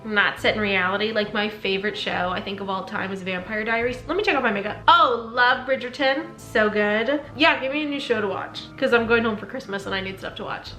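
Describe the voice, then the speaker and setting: Bright, bubbly young woman in a roomy room. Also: medium pitch, fairly quick, hardly any pauses. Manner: chatty, bubbly and giggly, with playful asides. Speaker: skincare and scary-story vlogger. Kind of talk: casual chat while doing skincare and reading stories aloud. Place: home room. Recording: roomy echo with faint background music.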